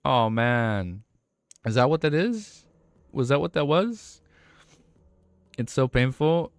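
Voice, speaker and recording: A man's voice: mid-range voice, expressive, slow pace, smooth, no room sound, studio quality. A man streaming as he reads a novel aloud and reacts, stumbling and rereading lines, swearing casually, his voice getting worn.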